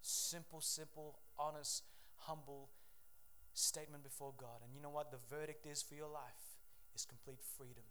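A man preaching a sermon, rising to loud, forceful declarations and dropping to quiet, hushed storytelling. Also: a little high, steady tone, moderate pace. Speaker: pastor.

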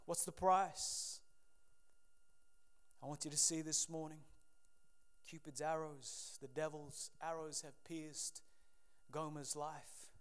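A man preaching a sermon, swinging between loud appeals and hushed moments. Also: on the high side, little pitch movement, a little slow, clear, resonant tone. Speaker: pastor.

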